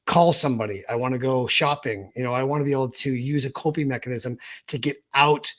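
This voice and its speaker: A man's voice: mid-range voice, fairly quick, a bit bright. A man hosting a podcast, talking candidly and animatedly about his own mental health and acting out his inner dialogue. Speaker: podcast host.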